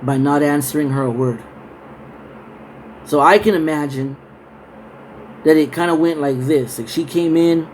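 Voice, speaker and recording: Male Bible teacher, slightly higher voice, unhurried verse reading, relaxed chatty explanation. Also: a little hiss or hum, poor audio. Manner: reads verses slowly, then explains in loose conversational asides. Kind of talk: scripture reading and casual Bible study talk.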